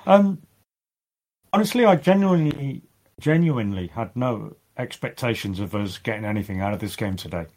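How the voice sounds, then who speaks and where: A man speaking as a guest on a casual podcast, halting, with many restarts and fillers. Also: medium pitch, lively intonation, darkish tone.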